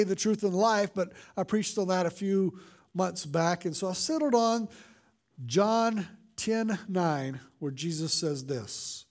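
Speaking in a high-pitched male voice, a pastor gives a conversational sermon sprinkled with loose fillers. He slows down to read scripture lines dramatically.

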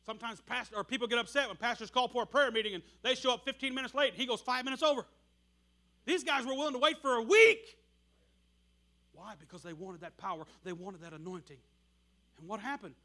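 A man preaching a sermon, telling stories with animated bursts of shouting. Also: very high voice, fast talker.

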